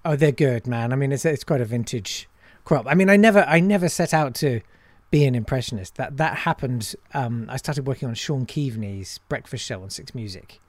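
A man's voice: mid-range voice, animated, a little fast, few pauses, dry recording. A man, a comedian and impressionist, chatting casually and self-deprecatingly in an interview.

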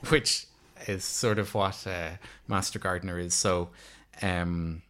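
Low-voiced chatty man reviewing films. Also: fairly even intonation, takes it slowly, a bit bright. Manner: rambling, chatty, with many fillers and restarts. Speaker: podcast co-host. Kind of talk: casual film review chat.

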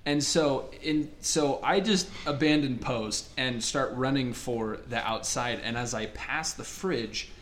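A young man co-hosting a podcast, telling a story in casual, animated chat and laughing as he goes. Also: medium pitch, slow pace, hardly any pauses, a little hiss or hum. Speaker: podcast co-host.

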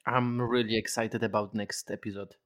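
A man's voice: on the low side, flat delivery, normal speed. Man, cheerful chat. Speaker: co-host. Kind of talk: casual banter.

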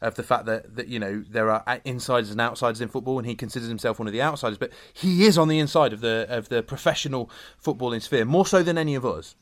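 A man hosting a podcast in casual, animated chat, telling jokey stories about a guest. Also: medium pitch, quick pace, hardly any pauses. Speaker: podcast host.

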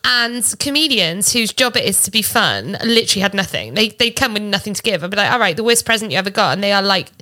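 Bright, lively woman comedian. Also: mid-range voice. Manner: chatty, quick anecdotes. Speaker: comedian guest. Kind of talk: casual podcast chat.

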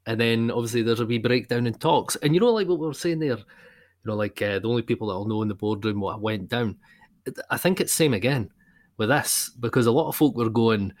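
A man with a Scottish accent co-hosting a casual football podcast, chatty and quick to laugh. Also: medium pitch, darkish tone. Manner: chatty, peppered with "you know", quick to laugh. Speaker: podcast co-host.

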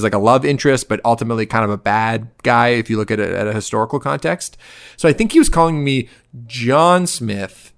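A man in his thirties from Southern Ontario, co-hosting a podcast and telling stories in casual chat, acting out the people he quotes. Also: mid-range voice. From Southern Ontario, Canada. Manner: animated, acts out voices in quoted lines. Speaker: podcast co-host.

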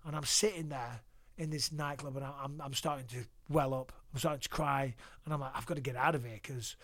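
A man's voice: mid-range voice, a little fast, dry recording. A man, a podcast guest telling stories casually and swearing freely. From England. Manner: profane, lively anecdotal storyteller. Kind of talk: casual storytelling interview.

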